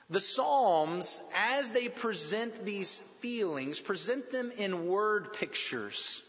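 High-voiced preacher in an echoey hall. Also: male voice. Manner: animated, emphatic, slows down for emphasis and repeats points. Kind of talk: sermon. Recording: dull sound with long hall reverb.

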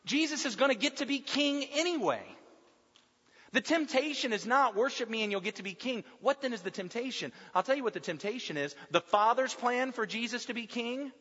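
A man's voice: extremely high pitch, animated, normal speed, a bit bright, slightly rough. A male preacher giving an emphatic sermon, building his points through repeated lists. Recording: muffled recording, long hall reverb.

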